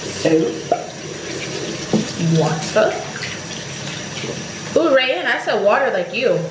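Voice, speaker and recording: A woman's voice: fairly high pitch, big pitch swings, unhurried, background noise. A young woman vlogging on a trip, chatting casually and playfully with a friend. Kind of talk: casual travel vlog chat.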